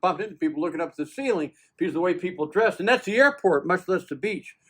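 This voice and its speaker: A man in his seventies, a veteran guest, telling a long personal story in a casual interview and acting out both sides of the conversation with self-deprecating humor. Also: on the high side. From United States. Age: 70s. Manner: animated, folksy, acts out both sides of conversations.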